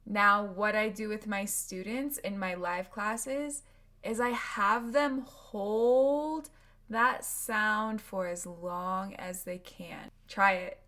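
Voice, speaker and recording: An American woman teaching English pronunciation, drilling words slowly and repeating them for practice. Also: medium pitch, steady tone, pushed and bright.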